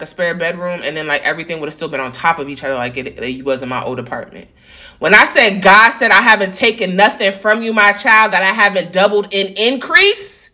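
A woman with a bright, forceful voice vents to her viewers in a casual storytime rant. She talks straight to them, animated and profane. She sits in a roomy home office. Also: mid-range voice. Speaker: vlogger.

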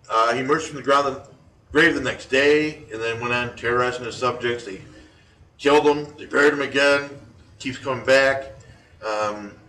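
A man's voice: medium pitch, pushed and bright. A man co-hosting a casual chat, retelling folklore in a rambling, joking way with many fillers. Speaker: podcast co-host. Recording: roomy, distant mic, faint ambience.

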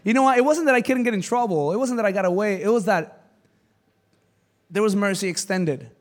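A male pastor preaching a sermon, telling a personal story with jokes, loud exclamations and hushed asides to his congregation. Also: high voice, brisk. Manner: animated, jokey storyteller who swings from loud exclamations to quiet asides. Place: church service before a congregation.

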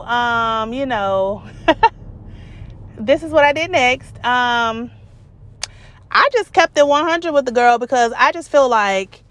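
Lady in her 30s telling a story straight up, slangy and blunt, kinda high pitched. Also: fairly bright tone, dry recording. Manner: candid, blunt, slangy, swears freely. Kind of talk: casual storytelling.

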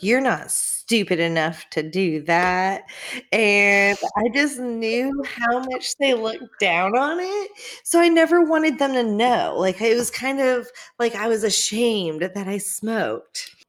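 Unhurried young woman telling candid stories. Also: fairly high pitch, expressive, a bit bright. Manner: candid, swearing, laughing, acts out quoted dialogue. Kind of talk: casual chat.

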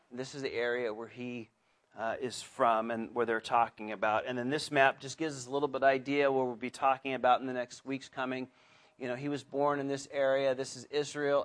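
A man teaching a Bible study in a chatty, earnest way, full of asides and restarts. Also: medium pitch. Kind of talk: conversational sermon.

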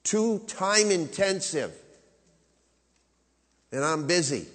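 Emphatic preacher in a reverberant hall. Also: male voice, big pitch swings, slow. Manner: emphatic preaching, swinging from loud high peaks to low quiet asides. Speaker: pastor. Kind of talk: sermon. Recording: long reverb of a large hall.

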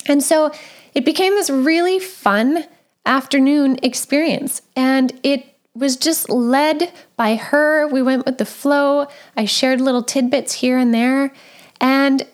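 A woman, a parent, talking casually and gently about raising children, with frequent conversational fillers. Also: high-pitched, unhurried. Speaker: parent sharing advice. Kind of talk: casual advice talk.

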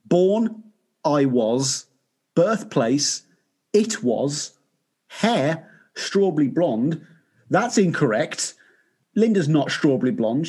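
A podcast host from Birmingham, England chats casually, joking, teasing, and laughing often. His voice is fairly high-pitched, with a darkish, slightly rough tone.

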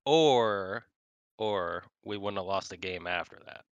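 A man's voice: low voice, animated, takes it slowly, clean tone, dry recording, muffled recording. A man who plays in the league, talking casually with brash, competitive trash talk. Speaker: pro player and co-host. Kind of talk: casual esports chat.

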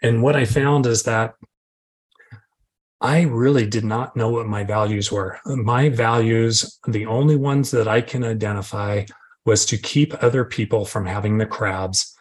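This recovery speaker, a middle-aged Arizona man, talks frankly and pokes fun at himself while voicing the thoughts in his head. He speaks a bit slowly in a lowish, steady, slightly rough voice.

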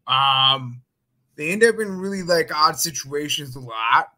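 Man, very bright voice, casual chat, hedging, filler-heavy. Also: on the high side, measured pace, rough recording. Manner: chatty, hedging, many fillers.

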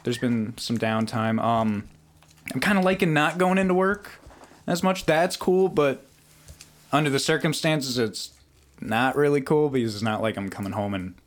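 A man's voice: mid-range voice, normal speed. A man co-hosting a podcast in casual chat, laughing often. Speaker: podcast co-host.

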